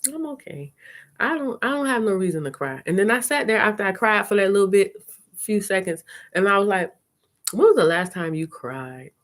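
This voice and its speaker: A woman hosting a live chat, telling stories casually, swearing, and playing out conversations in quick voices. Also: medium pitch. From lived in New Orleans. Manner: chatty, animated, swearing, retells talks in quick voices. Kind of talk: casual live-stream storytelling.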